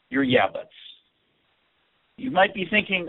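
A man's voice: a little high, sing-song, normal speed, vocal fry, husky. A man giving an earnest instructional talk on communication, often repeating words as he stresses his points. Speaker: communication teacher. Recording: tinny phone-like audio.

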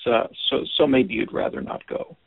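A man giving an informal lesson on listening in a gentle, hesitant way, with many restarts and fillers. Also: normal speed, no echo. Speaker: teacher of listening skills. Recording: dry, phone-like narrow sound.

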